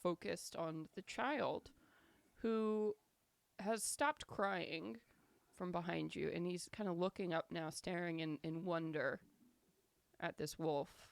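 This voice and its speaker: A woman runs a tabletop role-playing game, narrating scenes in a relaxed, descriptive way and pausing on fillers. Her voice sits fairly low with a gravelly edge. The recording is close and dry. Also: no echo. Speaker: game master.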